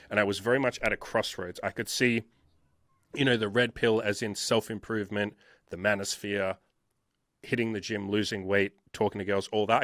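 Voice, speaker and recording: A man's voice: fairly low pitch, a bit bright, no echo, studio quality. A man in his thirties telling his life story as an interview guest, emphatic and swearing freely. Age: 30s.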